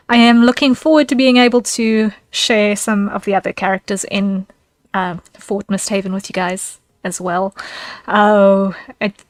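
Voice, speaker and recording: A woman's voice: mid-range voice, no room sound. A woman streaming as a VTuber, chatting casually with her viewers, giggling and thanking them by name.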